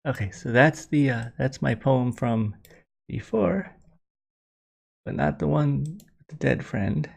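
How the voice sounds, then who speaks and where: A man hosts a casual livestream and chats loosely with his viewers. His voice is heavily gravelly, with plenty of fry, and it sits at a middling pitch. He rambles and apologizes a lot, stopping often for ums and restarts. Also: animated, takes it slowly, long pauses, darkish tone. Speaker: livestream host.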